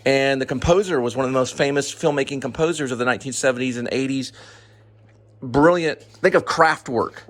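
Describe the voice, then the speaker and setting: A man's voice: mid-range voice, brisk. A man co-hosting a casual home chat during a meal, rambling and searching for names as he talks. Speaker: co-host.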